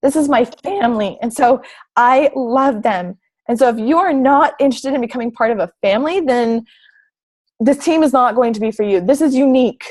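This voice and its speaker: A woman's voice: on the high side, normal speed, a little mellow. A young woman coaching fitness, giving a bubbly, gushing presentation over slides, full of "like" and "oh my gosh".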